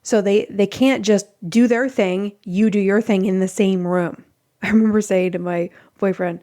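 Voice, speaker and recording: Casting note: middle-aged woman, chatty host, animated, acts out quotes, mid pitch. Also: a little fast. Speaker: relationship podcast host. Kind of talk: casual advice monologue.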